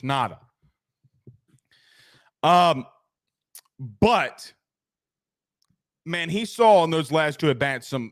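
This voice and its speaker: A man hosting a casual sports talk show, rambling and excitable, laughing at his own jokes. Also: fairly high pitch, dry recording, clean studio sound.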